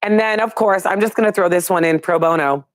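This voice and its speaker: A woman's voice: mid-range voice, brisk, no room sound. A middle-aged woman hosting a live online show, chatting casually and upbeat with viewers and reading out their names.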